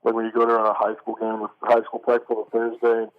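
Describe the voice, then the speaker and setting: A man's voice: mid-range voice, monotone, fast. A man co-hosting a casual sports radio talk show, rambling with lots of restarts and fillers, heard over a tinny phone line. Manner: rambling, many restarts and "like", laughs often.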